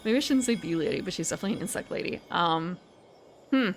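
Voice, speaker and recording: A woman's voice: lowish voice, lively intonation, fast, slight background noise. A woman streamer chatting casually while she plays, rambling and correcting herself as she goes. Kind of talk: casual gaming commentary.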